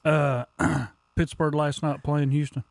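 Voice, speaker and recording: A man's voice: fairly high pitch, fairly even intonation, measured pace, creaky, dry recording. A man co-hosting a sports talk radio show, asking rambling, hedging questions. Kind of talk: casual sports radio banter.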